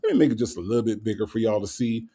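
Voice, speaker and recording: Gravelly-voiced man teasing his live chat. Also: on the low side, lively intonation, racing, mellow. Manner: teasing, laughs often, repeats rhetorical questions. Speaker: livestream host reading chat. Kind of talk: casual live commentary.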